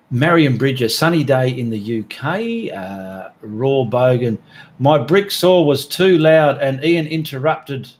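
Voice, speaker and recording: A man's voice: mid-range voice, darkish tone. An Australian man hosting an art livestream, reading out viewer comments in a friendly, chatty way with slips and restarts.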